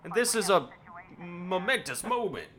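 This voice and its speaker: A man voicing a goofy, overeager male police officer in a squeaky, cartoonish tone while commentating a game. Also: big pitch swings, a little slow, a crowd in the background. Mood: gleeful. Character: goofy overeager male cop, self-declared pastor.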